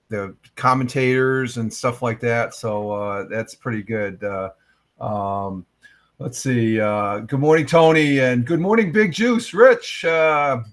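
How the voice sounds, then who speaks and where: A man from New York hosting a casual morning live stream, rambling with lots of fillers and restarts. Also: mid-range voice. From New York, USA.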